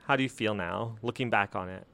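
A man's voice: lowish voice, a little fast, gravelly, fairly bright tone. Playful man hosting a podcast. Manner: playful, laughs often. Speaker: podcast host. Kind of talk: casual chat.

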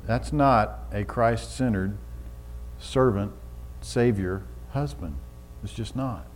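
A man preaching a sermon on marriage, telling vivid stories and building to loud, emphatic exhortation. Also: lowish voice, takes it slowly, slight background noise. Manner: storytelling with acted-out quotes, rising to loud emphatic preaching.

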